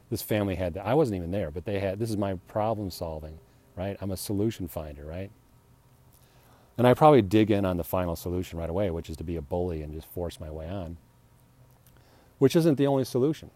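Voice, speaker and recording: A man's voice: sits low, dark tone. A man musing aloud in a solo podcast, rambling and self-deprecating, restarting his sentences and laughing at himself. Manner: acts out heated retorts, laughs often. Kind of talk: rambling personal reflection.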